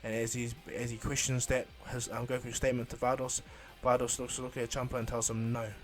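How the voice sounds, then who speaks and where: A man casually improvising a fan story retelling, rambling and halting with fillers. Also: medium pitch, level tone, soft background music.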